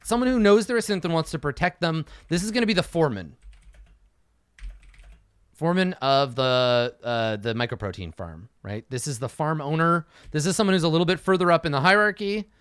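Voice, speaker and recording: A man's voice: a little high, a little fast, fairly bright tone, clean tone, no room sound, clean studio sound. A man talking casually as a game master, thinking aloud while he prepares a campaign session, swearing freely and acting out quotes. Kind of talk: casual solo campaign prep talk.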